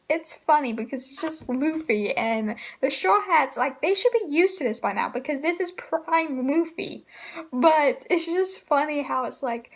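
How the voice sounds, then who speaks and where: A woman's voice: high voice, expressive, unhurried. A woman casually reviewing manga chapters, rambling with lots of ums and likes and laughing often.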